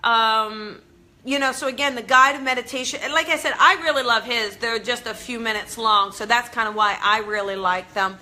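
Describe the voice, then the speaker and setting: A woman's voice: fairly high pitch, steady tone, moderate pace, sharp tone. A woman hosting a casual live stream, chatting upbeat with viewers while she walks from her home out to her backyard garden. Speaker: host.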